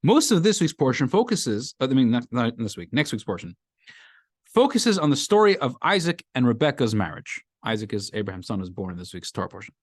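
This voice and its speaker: A man's voice: medium pitch, fairly quick, no room sound. A male rabbi leads a weekly class in a room full of students, talking casually and bringing examples to life. His voice swings up and down expressively. The sound is dry and close. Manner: animated, acts out everyday scenarios for the class. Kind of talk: conversational class lecture. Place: classroom with a live group.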